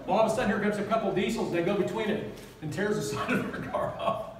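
Older man, pastor, fervent sermon, high-pitched voice, heavy room echo, mic far off. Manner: passionate, rapid, asks the congregation questions. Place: church hall. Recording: roomy echo, mic at a distance.

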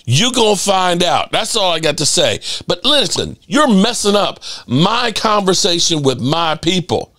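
A fired-up man hosting his own sports channel, ranting hard with cursing and repeated jabs. His voice sits high for a man and leaps all over the place as he hammers each point. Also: big pitch swings, a little slow, few pauses, sharp tone. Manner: heated, profane, repetitive. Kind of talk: ranting commentary.

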